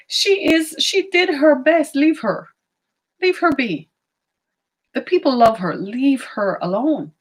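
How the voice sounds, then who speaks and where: A woman giving opinionated commentary, emphatic, asking rhetorical questions and slowing down on key points. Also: sits high. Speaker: political commentator.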